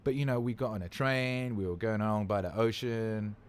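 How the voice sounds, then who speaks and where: A man's voice: fairly low pitch, brisk, clean tone. A tired man hosting a livestream, chatting loosely and swearing freely as he greets viewers. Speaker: livestream host. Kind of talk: casual livestream chat.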